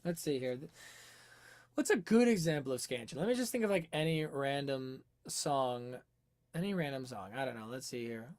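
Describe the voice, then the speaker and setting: A woman's voice: extremely low pitch, expressive, moderate pace, a little mellow. A woman hosting a casual music-analysis livestream, explaining songs in a chatty way and answering questions from the chat with plenty of fillers. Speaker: music teacher and livestream host.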